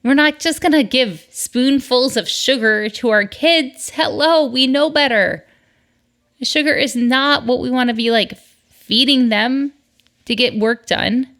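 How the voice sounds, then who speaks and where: Middle-aged woman from up north, chatty upbeat solo podcast host, kinda high voice. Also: measured pace, fairly bright tone. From northern United States. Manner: chatty and upbeat, with asides and laughs.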